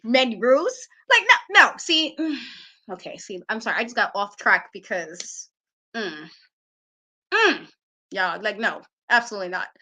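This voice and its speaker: A woman's voice: medium pitch, animated, a little slow, pushed and bright. A woman hosting a wrestling talk show, giving casual, opinionated commentary in an emphatic, ranting way and laughing often.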